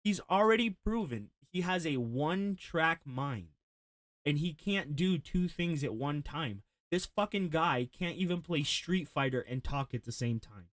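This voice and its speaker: A man's voice: a little high, lively intonation, unhurried, fairly bright tone, no room sound. Sarcastic man, dry close sound. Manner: sarcastic, mocking, laughing asides. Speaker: streamer reacting to a clip. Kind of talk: mocking reaction commentary.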